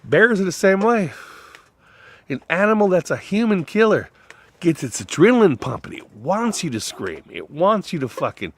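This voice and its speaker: Profane rambling man, lively pitch. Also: normal speed. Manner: profane, rambling, swings between loud and low. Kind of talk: rambling monologue.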